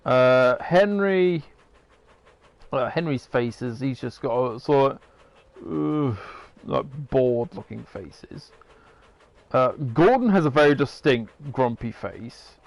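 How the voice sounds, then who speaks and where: Rambling man, lively voice. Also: mid-range voice, slow pace, gravelly, dry recording. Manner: rambling, swears casually. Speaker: gamer. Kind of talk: casual gameplay commentary.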